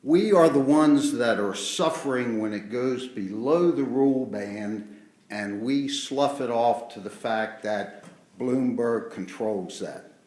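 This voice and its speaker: A man addressing officials at a public hearing in a formal, measured way. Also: mid-range voice, darkish tone. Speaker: resident giving public comment. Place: public meeting room. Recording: roomy echo of a meeting hall.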